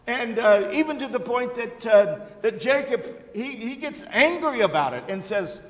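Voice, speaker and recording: Male pastor, high voice, halting repetitive sermon delivery, echoey reverberant church hall. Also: expressive, a bit bright. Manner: halting, repeats words, fills with uh. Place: church sanctuary.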